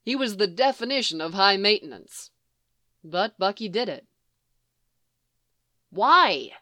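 A woman reading fan fiction aloud in an even storytelling manner. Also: medium pitch, moderate pace, dry recording, studio quality. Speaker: reader.

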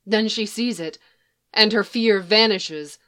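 A woman reading fan fiction aloud in a soft, even storytelling manner. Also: medium pitch, slow. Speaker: reader.

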